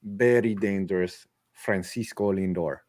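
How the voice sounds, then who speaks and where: A young man hosting a casual stream, calling baseball play by play in an animated way and often restarting his sentences. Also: low voice, a little slow. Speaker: host calling a live game.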